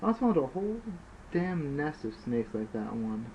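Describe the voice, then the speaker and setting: A gruff, tough-talking priest, as a man puts him on in a storybook reading, blunt and folksy. The voice sits a little above the reader's own, on a dull lo-fi recording with a faint hiss. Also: mid-range voice, very animated, normal speed, darkish tone, voice pushed up.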